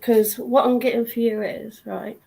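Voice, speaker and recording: A woman's voice: on the high side, steady tone, normal speed, vocal fry, a little mellow, husky, poor audio. A woman giving a live intuitive reading, blunt and emphatic, repeating words. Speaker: reader.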